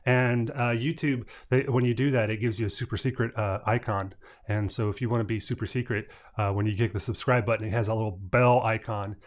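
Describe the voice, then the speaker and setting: A man's voice: fairly low pitch, steady tone, a little fast, no echo. Rambling jokey man, dry sound. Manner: rambling, jokey, many filler words. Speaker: livestream co-host. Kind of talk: casual chat.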